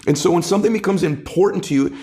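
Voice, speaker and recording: A man's voice: high-pitched, rapid-fire, warm tone. A man speaking as a guest author in an interview, giving impassioned motivational talk that builds with repeated, rising phrases.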